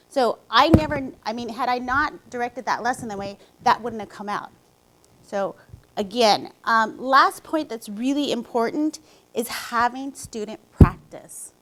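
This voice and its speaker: A woman's voice: fairly high pitch, measured pace, pushed and bright, a little hiss or hum, low-quality recording. A woman presenting to teachers in a conversational way and setting them a partner task. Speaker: literacy presenter. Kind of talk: professional development talk.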